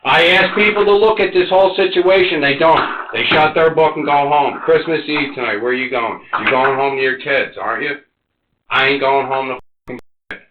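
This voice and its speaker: A man in his forties under police interrogation, ranting and cursing, swinging between loud outbursts and low mutters. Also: moderate pace, noisy background. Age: 40s. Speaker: interrogation suspect. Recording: echoey, muffled interrogation room recording.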